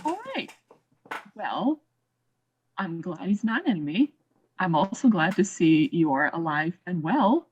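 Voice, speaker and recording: A woman playing a tabletop game, talking casually in an excitable way with frequent laughs. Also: on the low side, measured pace, long pauses, highs cut off, slight background noise. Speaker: player.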